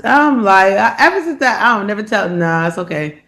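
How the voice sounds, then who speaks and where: A woman co-hosting a podcast in casual chat, an animated storyteller who acts out loud quotes of her father. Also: medium pitch, fairly quick. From immigrant family, not from this country. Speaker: podcast co-host.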